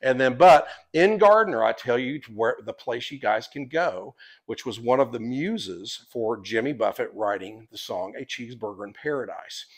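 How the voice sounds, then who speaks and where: This tour guide and guidebook author has a medium-pitched voice with lively intonation and a normal speaking speed. On a casual podcast, he tells rambling, chatty stories and often breaks into laughter.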